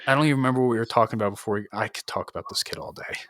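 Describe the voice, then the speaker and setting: A man's voice: medium pitch, racing, a bit bright, no echo, clean studio sound. A man, an Army NCO co-hosting a podcast, tells a story in a loose, profane, casual way, full of fillers and acted-out quotes.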